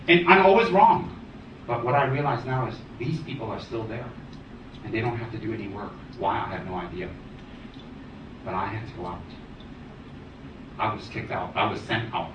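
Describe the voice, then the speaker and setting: Male dharma teacher, bright and piercing, playful lists; muffled distant mic. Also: mid-range voice, a little hiss or hum. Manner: animated, teasing, rapid-fire lists. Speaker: Buddhist teacher. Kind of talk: dharma talk. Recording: echoey room, distant dull mic.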